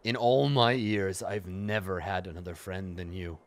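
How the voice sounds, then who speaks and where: A man reading the lines of a loyal, gruff ancient male giant in a low, steady, heartfelt way. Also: moderate pace, dry recording.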